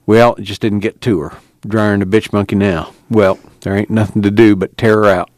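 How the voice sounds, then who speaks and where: A man doing a calm practical young man. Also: lowish voice, fairly quick, no room sound, close to an everyday voice. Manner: calm, easy, dry humor. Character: steady young man, practical older brother.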